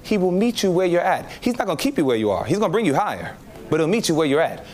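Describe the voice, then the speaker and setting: A man preaching his testimony, telling the story in an animated way and acting out his own reactions. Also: fairly high pitch, quick pace, soft background music. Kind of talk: testimony sermon.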